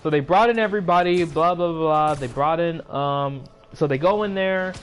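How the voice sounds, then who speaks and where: Sleepy rambling man, slightly high voice. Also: normal speed, slight background noise. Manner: rambling, filler-heavy retelling. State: sleepy and yawning; sore throat. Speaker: YouTuber. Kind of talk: casual movie recap.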